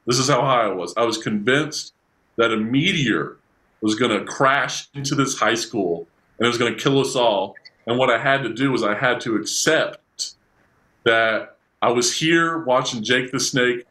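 A man from Virginia, a guest on a podcast, telling stories in casual chat and laughing often. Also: medium pitch. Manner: animated storyteller, laughs often.

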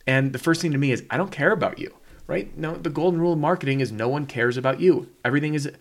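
A man's voice: fairly high pitch, fast, creaky. Emphatic man with rhetorical questions. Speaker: podcast host and copywriter. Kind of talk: casual teaching talk.

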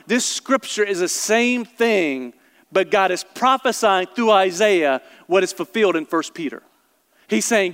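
Southern guy preaching, high voice, earnest and emphatic, big echoey church hall. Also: expressive, a little slow, a bit bright, clear, resonant tone. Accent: Southern American. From American South. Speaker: pastor. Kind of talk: sermon.

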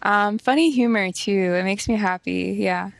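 A woman's voice: medium pitch, normal speed, creaky, no room sound. Chatty Midwestern-raised American woman, dry sound. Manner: chatty, frequent ums and likes, laughs easily. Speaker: guest. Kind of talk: casual interview chat.

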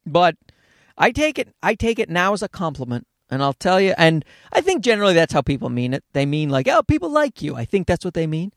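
A man riffing through a casual comedic podcast monologue, swearing freely and wandering off on tangents. His voice sits high and leaps around in pitch. The sound is dry and close, with no room around it. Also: a little fast, no echo. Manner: profane, rambling, animated with tangents. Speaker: podcast host.

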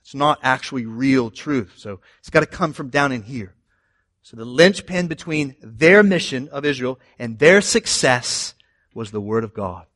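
Speaking at medium pitch, this man gives a lively sermon from the church pulpit. His voice swells in volume and pitch on Bible verses, punctuated by rapid asides to those gathered.

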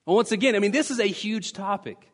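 A man's voice: high voice, fast. A man preaching a sermon as pastor, emphatic and teaching, repeating key phrases to drive points home. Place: church sanctuary. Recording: long church reverb.

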